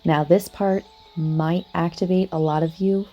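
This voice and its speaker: A woman's voice: lowish voice, steady tone, unhurried, mellow, highs cut off. A woman hosting a spiritual podcast in a casual, chatty monologue, talking straight to her listeners with lots of "like" and "you know what I mean". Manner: earnest, addresses listeners directly.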